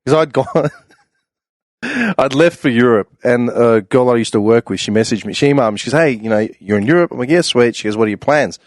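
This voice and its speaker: A young Australian man spins a rowdy travel story in an easygoing chat, laughing as he goes and jumping up loud for the lines he quotes. The recording is dry and close, with no room around his voice. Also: mid-range voice, fairly quick, dry recording. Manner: animated, acts out quoted voices loudly, laughs often. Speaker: podcast panelist.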